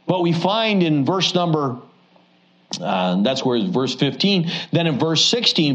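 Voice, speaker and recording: A man's voice: medium pitch, lively intonation, normal speed, fairly bright tone, muffled recording. A man, a pastor preaching a conversational Sunday evening sermon in a church, joking as he teaches. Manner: conversational and joking, with rising asides.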